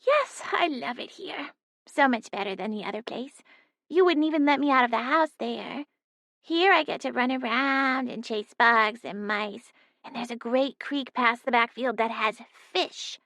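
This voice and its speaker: A woman's voice: a little high, unhurried, a bit bright, no echo, studio quality, pitched above the performer's own voice. A woman voicing a small, cute young female cat who chatters eagerly in an audiobook. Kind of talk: audiobook narration.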